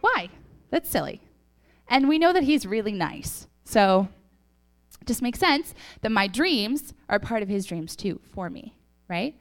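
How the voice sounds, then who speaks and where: A woman's voice: mid-range voice, sing-song, a little slow. A woman leading a youth group with a casual faith talk, chatty and full of "like" and "right?".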